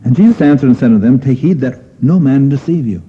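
A man's voice: mid-range voice, expressive, quick pace, a little hiss or hum. A man preaching a sermon in an earnest manner, asking his listeners questions and pressing on key phrases. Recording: dull lo-fi sermon recording.

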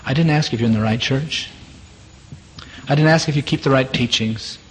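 A man's voice: medium pitch, normal speed, a little hiss or hum, rough recording. A man preaching a sermon in an earnest, repetitive way, asking rhetorical questions.

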